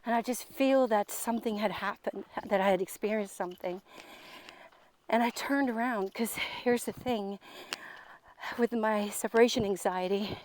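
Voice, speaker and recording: A woman telling a personal spiritual story in an earnest, halting way, repeating and restarting her words. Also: mid-range voice, a little mellow, a little hiss or hum. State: tearful, voice breaking. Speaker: speaker sharing a personal story.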